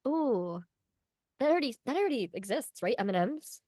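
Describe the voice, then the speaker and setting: A woman's voice: fairly high pitch, sing-song, moderate pace, mellow, dry recording, clean studio sound. A young woman being interviewed on a podcast, chatting casually and giggling, with lots of "like" in her talk. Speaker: podcast guest, voice actress.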